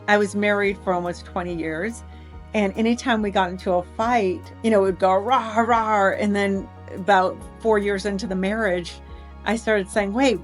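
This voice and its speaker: A middle-aged woman giving a motivational talk as an improv teacher, telling lively stories and acting out dialogue. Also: mid-range voice. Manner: lively storytelling, acts out dialogue. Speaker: improv teacher and life coach.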